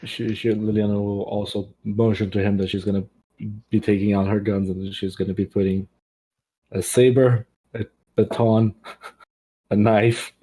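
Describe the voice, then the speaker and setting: Husky, dark-voiced man playing a tabletop game. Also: fairly low pitch, flat delivery, normal speed. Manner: chatty, laughing easily. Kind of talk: casual game chat.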